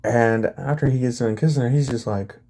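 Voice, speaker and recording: A man's voice: medium pitch, brisk, mellow. A man casually telling a fan story, laid-back, swearing freely and leaning heavily on fillers.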